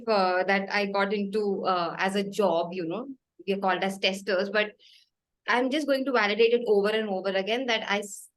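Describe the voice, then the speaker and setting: A woman's voice: a little high, rough recording. A woman hosting an interview, effusive and enthusiastic in casual chat. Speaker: interview host.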